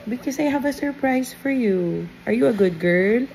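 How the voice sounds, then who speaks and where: A woman's voice: on the high side, expressive, normal speed, vocal fry, a little mellow, slight background noise. A woman in her thirties with a Filipino accent, chatting casually as a mother in a family vlog, coaxing and motherly. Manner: coaxing, motherly, mixes Tagalog into English. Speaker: mother and vlogger. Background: music.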